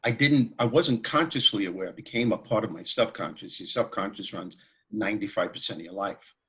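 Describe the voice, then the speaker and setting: A man who is a comedian and motivational speaker, telling anecdotes as a guest in an interview in an animated way. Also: lowish voice, brisk, slightly rough. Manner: animated, anecdotal, laughs while telling stories. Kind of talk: storytelling in an interview.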